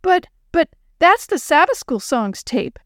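A woman's voice: high voice, big pitch swings, a little slow, no room sound, clean studio sound, voice pushed up, heavily acted. A woman voicing a flustered girl babysitting unruly children, earnest and exasperated.

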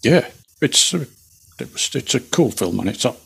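A man co-hosting a casual chat, hesitant with many pauses and restarts. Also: medium pitch, big pitch swings, gravelly, a bit bright, husky. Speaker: podcast co-host.

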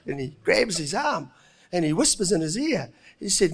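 A middle-aged man preaching a sermon, telling the story with lively acted-out voices and frequent chuckles. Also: sits high, normal speed, breathy edge. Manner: animated storytelling, acting out voices, chuckling often.

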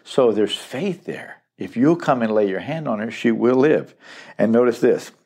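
A man's voice: mid-range voice, lively intonation, normal speed, darkish tone. A middle-aged man teaching through a Bible passage verse by verse, emphatic and repeating key phrases for stress.

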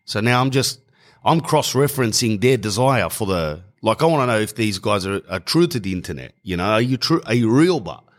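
A man's voice: lowish voice, expressive, fairly quick. An Australian man telling a rambling, slangy comic story, often correcting himself mid-sentence. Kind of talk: comedic storytelling monologue.

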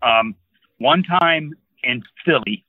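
A man's voice: medium pitch, lively intonation, slow, no echo, narrow, tinny audio. A man in his sixties from New Jersey, a guest telling a long rambling anecdote in casual conversation. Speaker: interview guest. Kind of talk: casual storytelling.

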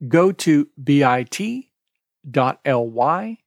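A man hosting a podcast lesson on exam preparation, reading a scripted, deliberate lesson and spelling out web links letter by letter. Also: fairly high pitch, big pitch swings, gravelly, no echo, studio quality. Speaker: exam prep podcast host.

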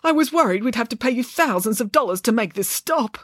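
A woman's voice: a little high, expressive, fairly quick, fairly bright tone, dry recording, clean studio sound, voice pushed up. A woman voicing a flustered male shopping-centre manager in a storybook, fretful and begging.

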